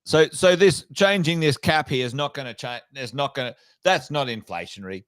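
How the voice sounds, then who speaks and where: A man's voice: medium pitch, fairly quick, a bit bright, no room sound. An Australian man co-hosting a finance podcast, blunt and sweary, mocking officials in casual banter. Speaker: podcast co-host.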